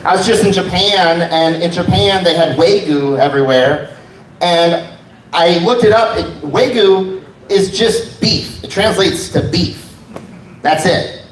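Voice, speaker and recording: A man's voice: sits high, measured pace. A man telling personal stories in a stand-up set, wry and laid-back. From United States. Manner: wry, laid-back storytelling with quoted asides. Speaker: stand-up comedian. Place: comedy club stage. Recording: roomy live sound from a distance.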